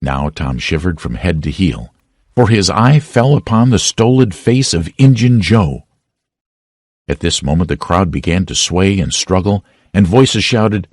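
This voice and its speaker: Brief: male audiobook narrator, very low voice, animated dramatic delivery, dry studio sound. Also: a little slow, husky, dry recording. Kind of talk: scripted narration.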